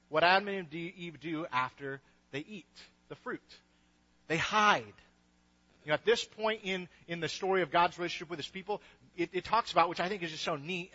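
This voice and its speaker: Young male pastor, casual sermon, higher voice, dull lo-fi recording. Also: bright, forceful tone. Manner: casual and enthusiastic, with many restarts.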